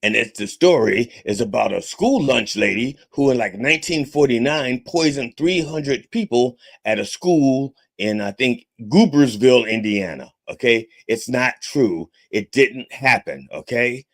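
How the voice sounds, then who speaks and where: A man's voice: medium pitch, animated, unhurried, creaky, few pauses. A man hosting a podcast in the persona of a reverend, delivering a profane comedic rant and tagging his points with a repeated okay. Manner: profane, repetitive, keeps asking okay. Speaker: podcast host styled as a reverend.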